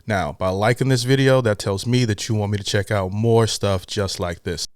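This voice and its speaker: A man's voice: fairly low pitch, fairly even intonation, normal speed, darkish tone, no room sound, clean studio sound. A man hosting a reaction video, chatting casually and hyping up the clip he is watching. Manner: hyped, chatty. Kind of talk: casual commentary.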